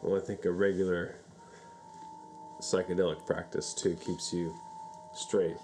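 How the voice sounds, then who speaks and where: Low-voiced man, earnest reflective chat. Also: level tone, unhurried, a little mellow, a little hiss or hum. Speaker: podcast co-host. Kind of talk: casual chat.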